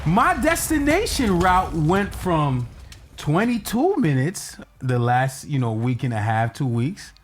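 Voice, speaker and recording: A man's voice: a little high, big pitch swings, slow, slight background noise. A man with a Haitian accent, co-hosting a casual talk show and acting out his own reactions as he tells a story. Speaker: co-host. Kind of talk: casual chat. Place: New York.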